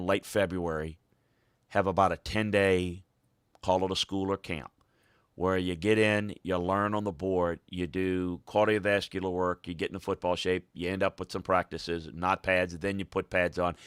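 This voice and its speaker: A man's voice: low voice, fairly bright tone, clear, resonant tone, dry recording, studio quality. A man talking football as a coach on a podcast, emphatic and hammering points home by repeating phrases. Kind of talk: casual podcast talk.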